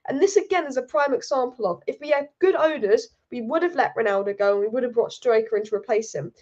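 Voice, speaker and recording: A woman's voice: fairly high pitch, fast talker, darkish tone. A young woman hosting a live-stream football fan channel, ranting heatedly and reading out viewer comments. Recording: dull lo-fi stream audio.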